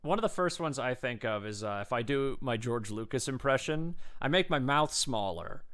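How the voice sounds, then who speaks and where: A man's voice: mid-range voice, lively intonation, normal speed, crowd noise. A man hosting a podcast, chatting casually and telling stories in an easygoing way. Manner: easygoing storyteller, chuckles between points. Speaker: podcast host.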